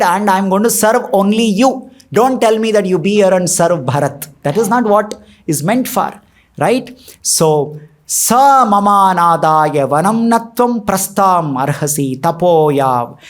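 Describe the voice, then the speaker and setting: A man with an Indian English accent giving a sermon, chanting Sanskrit verses and explaining them, and voicing the speakers of the story. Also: sits high. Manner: animated, voices the speakers of the story. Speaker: preacher.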